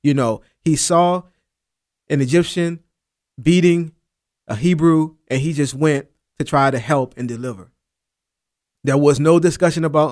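A man's voice: fairly high pitch, normal speed. A man teaching a Bible lesson in a casual, earnest way, dropping in asides like "man" and "you know.".

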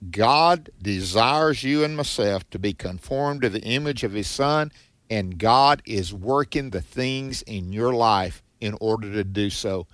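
A man with a Southern US accent, co-hosting a Bible teaching program, speaking in a measured way and reading scripture slowly. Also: on the low side, a bit bright, dry recording. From American South.

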